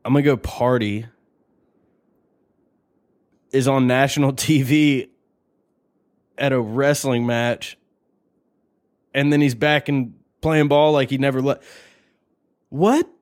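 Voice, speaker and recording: A man's voice: mid-range voice, steady tone, a little slow, pauses often, smooth, no room sound, studio quality. A young man hosting a podcast, rambling and joking in a casual, profane monologue. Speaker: podcast host.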